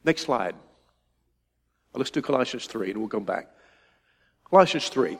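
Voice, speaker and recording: A man's voice: mid-range voice, lively intonation, moderate pace, pauses often, breathy edge. An older man preaching a sermon, emphatic and often repeating phrases for stress. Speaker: pastor. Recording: long hall reverb.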